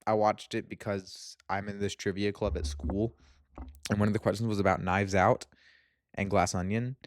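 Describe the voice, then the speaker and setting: A young man reviewing movies in a casual vlog, excitable and gushing, with lots of fillers. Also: fairly low pitch, moderate pace, a little hiss or hum. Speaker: movie vlogger.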